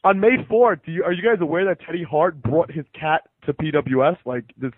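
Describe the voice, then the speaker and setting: A man hosting a podcast, telling animated, profane stories in casual chat. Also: a little high, brisk, breathy edge, dry recording. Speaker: podcast host. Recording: dry, tinny phone-like sound.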